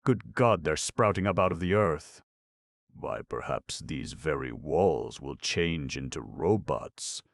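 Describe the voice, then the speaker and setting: A man's voice: a bass voice, slow pace, creaky, hardly any pauses, no echo, clean studio sound, exaggerated voice. A man voicing an alarmed man who watches from a window, in a read-aloud play.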